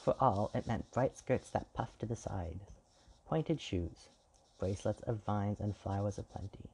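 A man narrating a fairy tale in a measured, even reading. His voice is low and dark, with a gravelly, husky texture. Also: a little hiss or hum. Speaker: storyteller.

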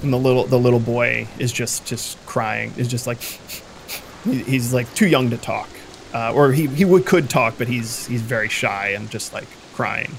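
Game master, male, mid pitch, halting narration with lots of ums, light rain behind. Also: vocal fry, slight background noise. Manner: halting, many fillers and restarts.

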